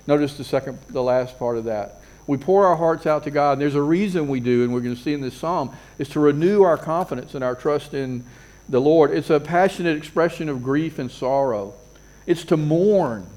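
A middle-aged man delivers a sermon in a plain, conversational way, his voice sitting a little on the high side. He talks through his points with rhetorical questions and easy asides, like a pastor talking with his congregation. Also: moderate pace, darkish tone, low-quality recording.

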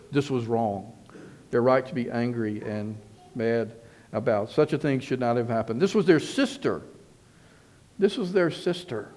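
A middle-aged man preaching a sermon at a mid pitch. He is earnest and emphatic, hammering points home by repeating them. His phrases often restart as he works toward what he wants to say. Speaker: pastor.

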